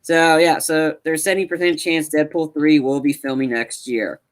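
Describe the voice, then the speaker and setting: A man co-hosting a casual movie podcast, rambling and excitable, with many restarts. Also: fairly high pitch, normal speed. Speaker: podcast co-host.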